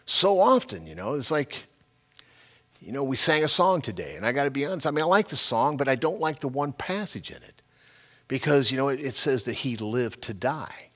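Folksy, animated preaching man. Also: medium pitch. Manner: folksy preaching, reads scripture slowly and loudly, asks the congregation questions. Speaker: pastor. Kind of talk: sermon.

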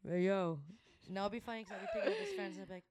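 A woman's voice: on the high side, sing-song, very fast, crowd noise. A young woman in her twenties co-hosting a casual podcast, telling stories bluntly with lots of slang and profanity. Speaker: podcast co-host. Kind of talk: casual chat.

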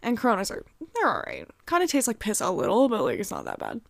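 A woman's voice: medium pitch, wildly swooping pitch, quick pace, gravelly, no echo, clean studio sound. A young American woman hosting a casual solo podcast from home, ranting heatedly with heavy swearing and lots of fillers. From United States. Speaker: podcast host.

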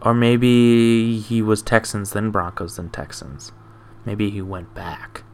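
A man's voice: on the low side, fairly even intonation, takes it slowly. A young man hosting a sports show, chatting casually and rambling with self-deprecating asides. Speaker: sports podcast host.

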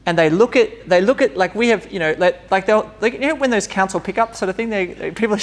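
A man's voice: high-pitched, lively intonation, fairly quick, a bit bright. A man giving an informal, conversational sermon, laughing often and acting out bits of dialogue. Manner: chatty, laughing asides, acts out dialogue. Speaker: preacher.

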